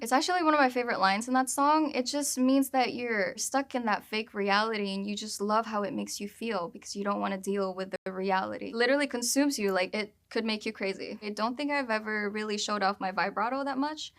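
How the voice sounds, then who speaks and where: A woman's voice: mid-range voice, fairly quick, few pauses. A young adult woman, a singer-songwriter, talking casually about her song and filling her sentences with "like". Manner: chatty, leans on "like" as filler.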